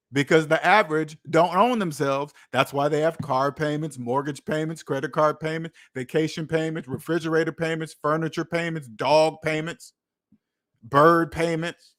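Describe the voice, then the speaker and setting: A man's voice: fairly high pitch, steady tone, moderate pace, fairly bright tone. A man hosting a finance channel, ranting casually, incredulous and repeating lines for emphasis. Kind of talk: casual livestream rant.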